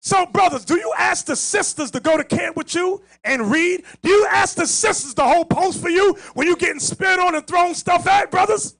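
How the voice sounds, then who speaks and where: Loud, high-pitched street preacher. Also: male voice, normal speed, few pauses. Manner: loud, emphatic, mocking, often shouting. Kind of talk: open-air sermon with Bible reading. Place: outdoors on a public green.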